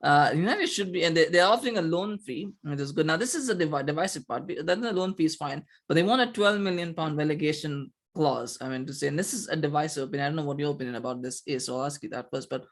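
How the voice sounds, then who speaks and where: A man hosting a casual football chat, talking quickly with lots of filler sounds. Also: fairly high pitch. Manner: fast, chatty, many filler sounds. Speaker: podcast host.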